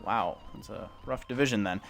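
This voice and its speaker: Young dude rambling on about stuff, lots of restarts, voice jumps all over, bit of music behind. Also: male voice, mid-range voice, wildly swooping pitch, moderate pace, a bit bright. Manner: rambling, self-conscious, many restarts. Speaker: sports report host. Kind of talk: casual storytelling then reading sports news.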